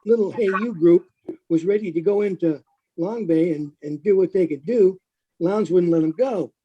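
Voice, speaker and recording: A man's voice: sits high, normal speed, highs cut off. A man in his seventies, a veteran recalling a battle bluntly and swearing freely. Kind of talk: unscripted recollection.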